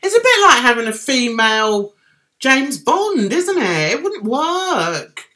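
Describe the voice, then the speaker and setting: Cockney woman, middle-aged, unhurried chatty livestreamer with a bright voice. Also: high-pitched, sing-song. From London, England. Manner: chatty, reads out and answers viewers' comments. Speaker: livestream host reading chat. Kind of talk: casual chat.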